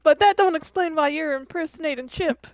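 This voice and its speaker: A woman's voice: high-pitched, fairly quick, no echo, lightly acted. Suspicious blunt guy, voiced by a woman. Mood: accusing. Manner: squinting, accusing. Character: suspicious, blunt male party member. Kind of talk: tabletop role-play.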